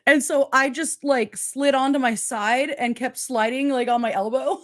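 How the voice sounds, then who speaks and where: A woman's voice: high-pitched, fairly even intonation, normal speed. A woman hosting a casual livestream chat, reading viewer comments aloud and laughing often. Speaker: host.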